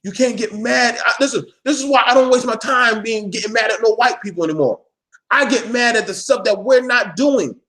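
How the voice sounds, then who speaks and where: A man with a high voice for a man, ranting live to his viewers. He is blunt, preachy and swears freely, hammering his point again and again like a street-corner lecture. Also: fairly quick, pushed and bright. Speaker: vlogger addressing his viewers.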